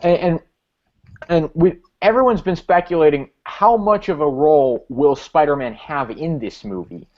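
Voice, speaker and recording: Guy hosting a fan chat, a bit high-pitched, rambly questions, dull lo-fi sound. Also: normal speed, darkish tone. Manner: chatty, asks long rambling questions. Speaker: podcast host. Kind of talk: casual fan discussion. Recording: dull lo-fi audio.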